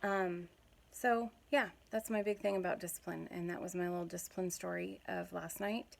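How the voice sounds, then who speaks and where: A woman's voice: lowish voice, steady tone, normal speed, creaky. A woman in her thirties, a mom telling a family story in a chatty, giggly vlog style. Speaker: mom vlogger.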